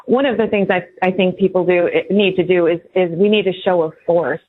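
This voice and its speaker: A woman with a lowish voice calls in over a thin, phone-quality line. She speaks haltingly, pausing often with fillers as she explains. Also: steady tone, a little hiss or hum. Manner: halting, many filler pauses. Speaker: caller, columnist. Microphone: telephone.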